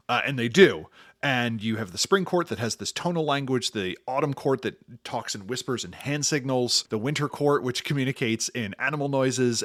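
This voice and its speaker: A man co-hosting a podcast, explaining tabletop game lore in animated storytelling. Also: medium pitch, dry recording, clean studio sound. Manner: animated storytelling, slips into silly voices. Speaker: podcast co-host. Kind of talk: casual podcast discussion.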